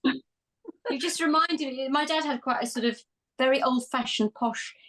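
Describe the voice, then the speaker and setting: A woman with a fairly high voice co-hosting a casual talk show. She reminisces in a loose, rambling way. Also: unhurried, fairly bright tone. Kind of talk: casual chat.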